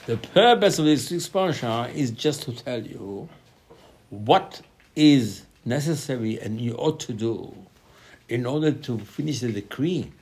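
A man giving a Torah class sermon, animated, asking and answering his own questions, with sudden loud emphasis on key lines. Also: medium pitch, a little slow. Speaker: Torah teacher.

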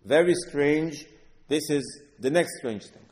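Rabbi lecturing in a reverberant hall. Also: male voice, a little high, slow. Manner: animated storytelling, acting out voices of sages. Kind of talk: Torah lecture.

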